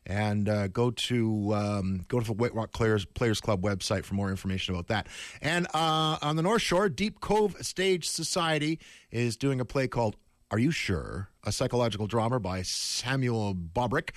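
A man's voice: on the low side, lively intonation, normal speed, no echo. A man hosting a campus radio show in a studio, talking casually and rambling with plenty of stalling and filler words. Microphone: studio microphone.

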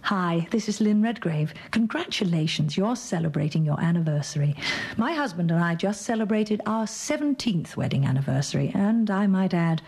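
A woman's voice: sing-song, moderate pace, creaky, darkish tone, slightly rough. A woman from England with an English accent, telling a playful comic story in a recorded greeting. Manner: storytelling, playful, acts out squeaky childish quotes. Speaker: celebrity greeter.

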